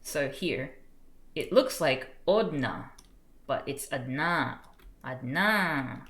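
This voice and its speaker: A woman's voice: fairly low pitch, reverberant. A young woman chatting casually on a study stream, thinking aloud with lots of fillers. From Australia. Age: young adult.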